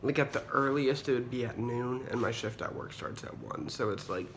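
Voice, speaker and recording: A man's voice: medium pitch, moderate pace, slight background noise. A young man in a hospital room, casually and dramatically complaining into his phone, sweary and full of fillers. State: unwell patient awaiting kidney surgery. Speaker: vlogger. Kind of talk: casual ranting vlog.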